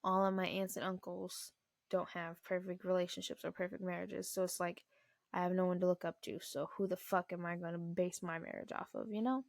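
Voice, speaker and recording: A young woman vlogger tells a story in a blunt, profane rant with a gravelly, fry-laced voice. The sound is dry and close, with no room around it. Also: lowish voice, a little fast, no room sound. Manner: blunt, profane, animated retelling.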